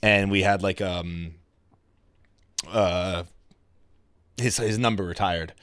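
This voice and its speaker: A fairly low-voiced man from Massachusetts, a podcast guest telling rambling stories and laughing at himself. The sound is dry and close, with no room echo. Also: fairly even intonation, takes it slowly, fairly bright tone, smooth. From Fall River, Massachusetts. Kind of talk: casual chat.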